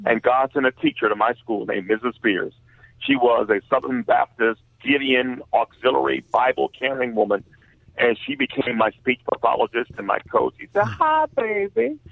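A man giving an earnest personal testimony as a radio interview guest, halting at times and using many fillers. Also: mid-range voice, fairly even intonation, creaky, no echo. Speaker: guest author. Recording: tinny phone line.

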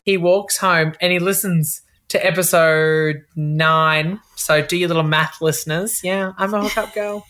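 A man's voice: on the high side, steady tone, unhurried, hardly any pauses, sharp tone. A young gay man co-hosting a podcast, telling rambling, self-mocking stories in casual comic chat. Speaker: podcast co-host.

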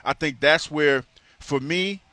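Laid-back, chatty sports radio co-host. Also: male voice, a little high, takes it slowly, pushed and bright, no echo. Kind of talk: casual sports talk.

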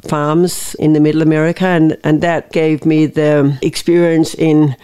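A woman's voice: sits low, flat delivery, normal speed, warm tone, smooth. A woman in her fifties from Denmark with a Danish accent, a guest in a podcast interview who speaks thoughtfully, often restarting her phrases. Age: 50s. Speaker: guest, winery owner.

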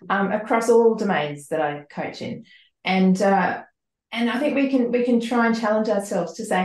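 A woman who is a leadership coach and author, answering podcast questions earnestly in long, flowing explanations and repeating words as she thinks. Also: medium pitch. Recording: roomy echo.

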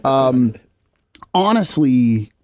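A man's voice: medium pitch, big pitch swings, very slow, darkish tone, dry recording, clean studio sound. A man co-hosting a podcast, chatting casually and telling joking stories with acted-out quotes. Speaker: podcast co-host. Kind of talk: casual chat.

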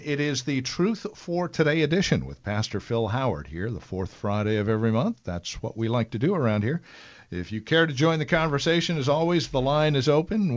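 A man hosts a Christian call-in show in a folksy, easygoing way. His voice sits at a medium pitch and comes through a slightly muffled, lo-fi radio signal. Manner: folksy, chatty, laughs easily. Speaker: radio talk show host. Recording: lo-fi radio broadcast.

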